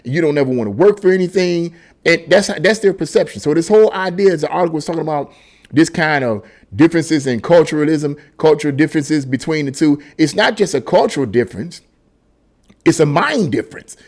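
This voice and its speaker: A man's voice: a little high, lively intonation, fairly quick. A middle-aged man giving a casual opinion monologue, emphatic and rambling, often restarting and repeating words. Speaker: political commentary vlogger.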